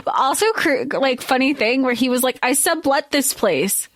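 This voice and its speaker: A woman co-hosting a podcast, expressive and giggly, chatting casually about a book and quoting characters. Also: sits high, normal speed, no room sound, clean studio sound. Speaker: podcast co-host.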